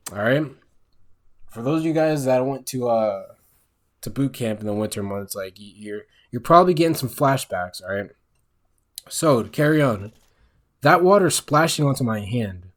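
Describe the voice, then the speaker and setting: A young man speaks into his own microphone at home late at night, keeping his volume down so he doesn't wake anyone. His voice sits at an ordinary middle pitch, and he tells his story in a loose, profane, conversational way. He keeps checking in with his listeners, asking "all right?" as he goes. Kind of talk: casual storytime monologue. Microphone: own microphone, speaking quietly late at night.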